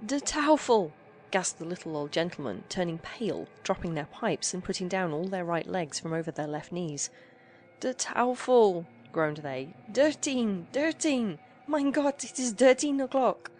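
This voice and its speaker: A woman voicing a crowd of little old gentlemen in a storybook reading, shouting in high, loud exclamations. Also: a little fast, few pauses, a little hiss or hum, lightly acted. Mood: aghast. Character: panicky little old Dutch gentlemen, group.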